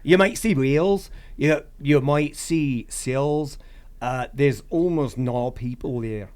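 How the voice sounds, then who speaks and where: An American man putting on an imitated Scottish accent to describe a hiking trail, halting with "uh" fillers. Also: medium pitch, a little mellow, clean tone, close to an everyday voice. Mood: playful. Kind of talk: casual podcast chat.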